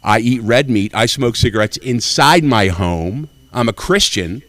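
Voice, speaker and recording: A man's voice: medium pitch, animated, a little slow, fairly bright tone, no room sound. A man in his sixties from Tennessee, doing brash, profane stand-up at an open mic. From Nashville, Tennessee. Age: 60s. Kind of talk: stand-up comedy.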